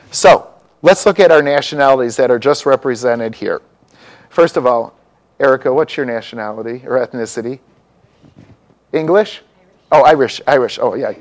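A man preaching a sermon, talking casually and asking his congregation questions. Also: mid-range voice. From mixed Dutch and Czech heritage. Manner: conversational, asks the congregation questions. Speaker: pastor.

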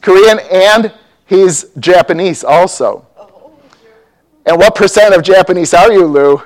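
A man delivers a sermon in a conversational way, often stopping to ask the congregation questions. His voice sits a little high for a man. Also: measured pace. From mixed Dutch and Czech heritage. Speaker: pastor.

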